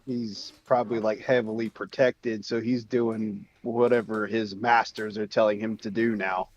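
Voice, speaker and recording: A man's voice: on the low side, flat delivery, measured pace, a little hiss or hum. A man chats casually on a podcast, mostly reacting in short bursts. His voice comes through a dull, lo-fi mic. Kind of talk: casual chat.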